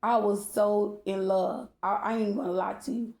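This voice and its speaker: Woman, AAVE, emotional storytime vlogger; candid, profane, addresses viewers directly. Mellow tone, roomy echo. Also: medium pitch, steady tone, normal speed, gravelly. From Baltimore.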